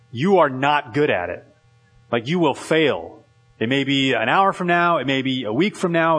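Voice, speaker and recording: A man preaching a sermon as pastor, in a loose conversational way full of "like" and quick restarts. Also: mid-range voice, fairly bright tone.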